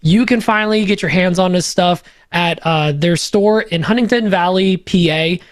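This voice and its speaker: Reading sponsors for a podcast, a man whose first language is Polish jokes around in an upbeat, loose style with fillers. His voice sits high at a normal pace, captured with clean studio sound and no room sound.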